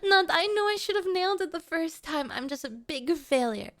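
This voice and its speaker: A woman's voice: sits high, expressive, moderate pace. A woman streamer chatting casually with her live chat, playful and melodramatic, often pleading with viewers.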